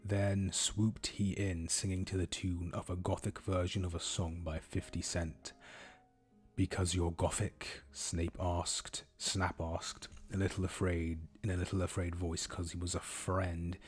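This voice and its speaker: Brief: male streamer reading aloud, deadpan delivery, slow and very low. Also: soft background music. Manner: deadpan, unhurried, low-key. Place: home streaming setup.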